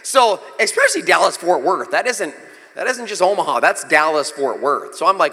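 A man, a pastor, telling a lively story from the pulpit and acting out the dialogue dramatically. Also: a little high, normal speed, husky, long reverb tail. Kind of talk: storytelling sermon.

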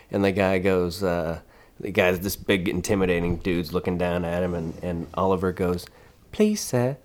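Man comedian, casual storytelling, rambling with laughs, lowish voice. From United States. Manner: rambling, laughing, swears often, many restarts. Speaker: stand-up comedian guest.

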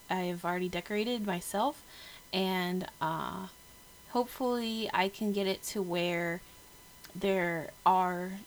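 A woman's voice: fairly low pitch, slight background noise, low-quality recording. A woman hosting a casual solo podcast, bubbly and chatty, who laughs at herself and uses lots of filler words. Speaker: podcast host.

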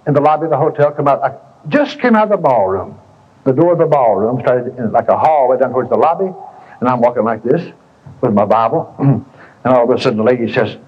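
Brief: husky-voiced preacher, conversational storytelling, dull lo-fi radio sound. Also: male voice, mid-range voice, animated, quick pace. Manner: conversational, repeating himself, clearing throat. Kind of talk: sermon storytelling.

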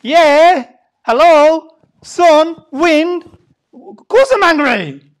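A woman preacher voicing Jonah as an angry, sulky man, loud and higher than her usual voice. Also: wildly swooping pitch, very slow, exaggerated voice. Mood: indignant. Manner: loud, indignant outbursts.

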